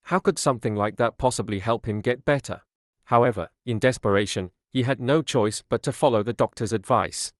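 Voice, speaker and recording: A man calmly narrating a scripted storybook tale in a measured way. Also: mid-range voice, no room sound, studio quality.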